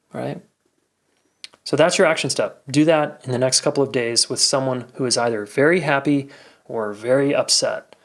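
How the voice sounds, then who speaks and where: A man hosting a podcast, wrapping up the episode in a casual, enthusiastic talk straight to his listeners, coaching them and often checking in with "all right?". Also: mid-range voice. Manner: acts out warm validating phrases while speaking. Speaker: podcast host. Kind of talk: casual solo outro talking straight to listeners.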